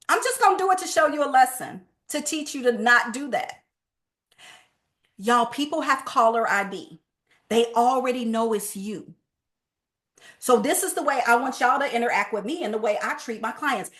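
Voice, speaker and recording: A high, bright voice from a woman in her fifties leading a sales training. She talks in a lively, sermon-like way, slipping into little acted phone calls to make her point. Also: moderate pace. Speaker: sales coach. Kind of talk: motivational sales training talk.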